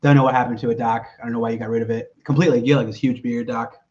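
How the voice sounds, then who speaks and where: A man's voice: medium pitch, fairly even intonation, very fast, a little mellow, lo-fi sound. A man hosting a casual sports podcast, laid-back and profane, laughing easily. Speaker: podcast host.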